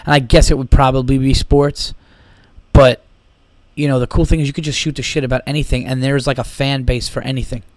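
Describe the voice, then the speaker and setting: A tired, slightly sick man in his thirties rambles through a solo comedy podcast, swearing freely and riffing with giddy energy. His voice sits at an ordinary pitch. The sound is dry and close, with little room around it. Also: flat delivery, a little fast, no echo. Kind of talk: casual solo podcast monologue.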